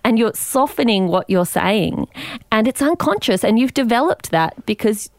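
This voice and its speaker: An Australian woman in her thirties, a podcast guest explaining her points with lively examples. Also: a little high, normal speed, no room sound, studio quality. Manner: articulate, animated explaining with examples. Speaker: guest author and commentator. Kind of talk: podcast interview.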